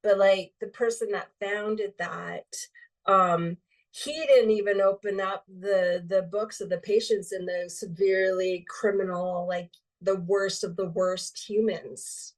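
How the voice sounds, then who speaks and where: A woman speaking as a healing medium guest in a relaxed interview, rambling with many fillers. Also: medium pitch, a little slow, far from the mic. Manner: meandering, filler-heavy, lots of um and like.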